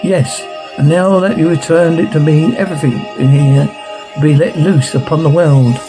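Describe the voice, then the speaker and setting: A man voicing a cold, scheming woman who wrote an evil book, speaking smug and calm over music. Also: a little high, moderate pace, lightly acted. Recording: music playing underneath.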